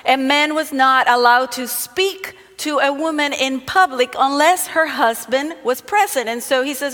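A woman's voice: high voice, measured pace, a bit bright. A woman reading a Bible passage aloud and explaining it in a conversational, storytelling way. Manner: reads scripture then explains it conversationally. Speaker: Bible teacher. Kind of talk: sermon with scripture reading. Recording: long hall reverb.

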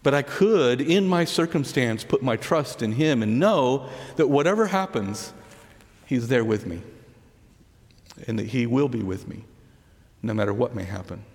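A man preaching a sermon, telling the story earnestly and dropping to soft, hushed words on key lines. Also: medium pitch, expressive, a little slow. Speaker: pastor. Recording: long hall reverb.

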